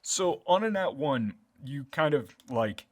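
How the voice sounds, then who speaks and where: A man's voice: fairly high pitch, animated, measured pace. A man narrating as game master in a loose, filler-heavy, profane way.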